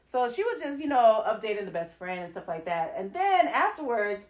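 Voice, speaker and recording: A woman co-hosting a casual podcast, chatting about a film in an animated, laughing, slangy way. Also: on the high side, normal speed, reverberant. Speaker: podcast co-host. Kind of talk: casual movie recap chat.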